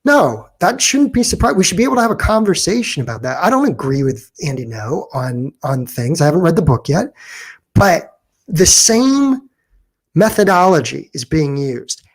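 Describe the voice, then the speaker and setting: A man's voice: a little high, big pitch swings, breathy edge. A man delivering an off-the-cuff commentary, pressing his points in an argumentative, defensive way. He often stalls on fillers and restarts his sentences, then pushes on to challenge his critics. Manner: argumentative, with frequent pauses and restarts. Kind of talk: unscripted opinion monologue.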